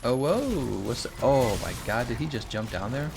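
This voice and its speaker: A man's voice: medium pitch, expressive, normal speed, noisy background. A young man streaming a game, chatting casually and sarcastically, reading viewer messages aloud. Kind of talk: casual gameplay commentary.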